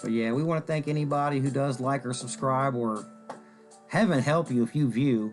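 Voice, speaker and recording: A man's voice: medium pitch, fairly even intonation, a little fast, creaky, a little mellow, faint music behind. A man hosting a card-selling stream, rambling and joking as he shows cards and greets viewers by name. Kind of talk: casual rambling chat while showing cards.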